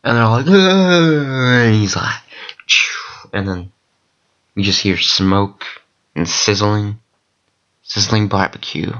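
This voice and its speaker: A man telling a long rambling story in a casual vlog, excitable and full of fillers. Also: fairly low pitch, gravelly. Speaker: vlogger. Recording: dull lo-fi recording.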